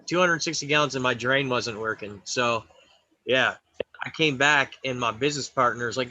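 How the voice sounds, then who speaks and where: A man chatting casually as a guest, telling an animated story and swearing. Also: medium pitch, brisk, no room sound. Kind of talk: casual group chat. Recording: dull lo-fi sound.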